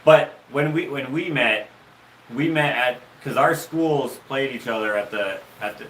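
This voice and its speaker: A man's voice: mid-range voice, a little slow, a bit bright. A man casually telling stories on a livestream, rambling and restarting his sentences. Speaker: livestream host. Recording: roomy, distant mic with faint noise.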